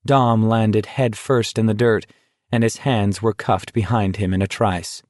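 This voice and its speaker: A man reading an audiobook as its narrator in a steady, even manner. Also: lowish voice, takes it slowly, no room sound, clean studio sound. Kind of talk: scripted narration.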